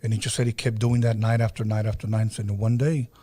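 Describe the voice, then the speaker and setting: A man's voice: lowish voice, little pitch movement, fast, mellow. A man hosting a podcast, telling a story in an earnest, casual way and often repeating himself. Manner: earnest, repeats himself, acts out quoted voices. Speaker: podcast host.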